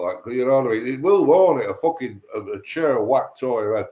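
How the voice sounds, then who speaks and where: A man's voice: mid-range voice, animated, fairly quick, few pauses, mellow, lo-fi sound. A man telling a rambling, sweary story on a casual livestream chat, repeating himself and tripping over his words.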